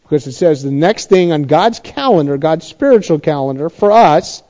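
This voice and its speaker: A man's voice: fairly high pitch, lively intonation, normal speed, mellow, lo-fi sound. A man teaching verse by verse from scripture in a conversational way, often restarting and checking in with his listeners. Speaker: pastor teaching a Bible study.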